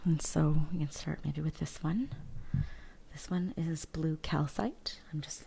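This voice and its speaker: Woman, soft-spoken ASMR host; low, mellow, gravelly, half-whispered and unhurried, close-miked. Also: slight background noise. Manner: whispered and hushed, slow and gentle; thinks aloud with hesitant fillers. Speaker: vlogger.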